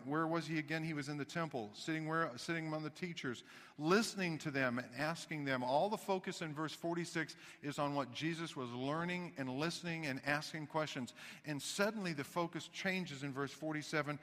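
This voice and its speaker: A pastor delivers his sermon with a high, bright voice. He swings from hushed to loud. His words ring out in a reverberant church hall. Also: moderate pace. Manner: animated, dramatic shifts between hushed and loud.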